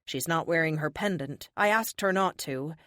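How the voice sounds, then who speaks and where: A woman narrating a first-person audiobook in an expressive, animated way. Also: sits low, moderate pace, dry recording, studio quality.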